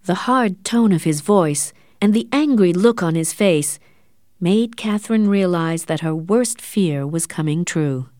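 A woman narrating an audiobook story with clear, expressive storytelling. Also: fairly low pitch, unhurried, dry recording, studio quality.

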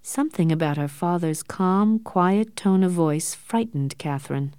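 A woman reads a novel aloud in a steady, clear storytelling manner. Her voice sits low for a woman, and the sound is dry and close to the mic with no room around it. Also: measured pace, hardly any pauses, dry recording. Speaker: narrator. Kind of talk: scripted audiobook narration.

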